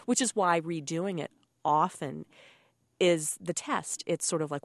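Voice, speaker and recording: Radio guest: a chatty woman author with a lowish voice, animated and dry-miked. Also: measured pace, dry recording. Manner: animated storyteller, laughs often, acts out quoted voices. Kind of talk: casual radio chat.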